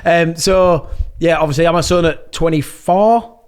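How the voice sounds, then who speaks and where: A man's voice: on the high side, normal speed, clear, resonant tone. A man in his thirties with a Yorkshire accent, a guest telling stories in a casual podcast chat, chatty and swearing freely. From England.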